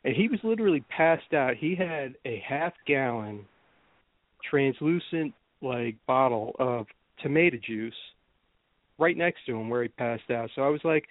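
A man's voice: mid-range voice, lively intonation, unhurried, no room sound. A man from New Jersey hosting a podcast, telling rambling stories in casual chat and laughing often. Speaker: podcast host. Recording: tinny phone-like sound, dry.

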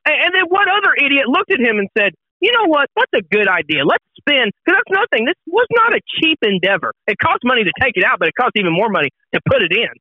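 A man with a very high, lively voice rants on a golf chat show, exasperated and animated. The sound is thin and a little muffled, and dry with no room echo. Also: fast, hardly any pauses. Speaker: podcast co-host. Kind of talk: casual chat.

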